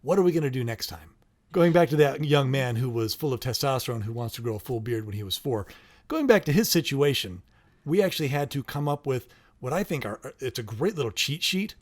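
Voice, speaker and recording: A man's voice: mid-range voice, expressive, brisk. A middle-aged man co-hosting a casual parenting talk, explaining steps one by one and acting out sample phrases. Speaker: co-host, parent.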